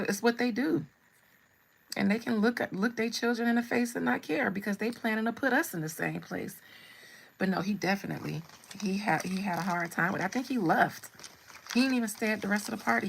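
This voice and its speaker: A woman's voice: medium pitch, normal speed, creaky, slightly rough, poor audio. A woman hosting a live stream, telling a personal story in a blunt, humorous way. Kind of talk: casual storytelling.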